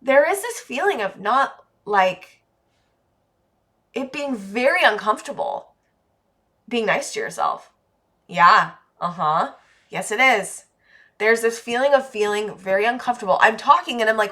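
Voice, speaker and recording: Woman tarot reader, frank and heartfelt, curses casually; bright, slightly high voice. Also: lively intonation, normal speed. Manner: candid and emotional, swears freely. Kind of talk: casual pick-a-card tarot reading to viewers.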